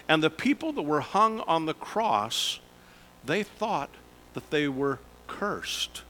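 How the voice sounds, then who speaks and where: A man, a pastor preaching a sermon in a slow, emphatic way with sudden lifts in pitch. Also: bright, forceful tone, slight background noise, rough recording.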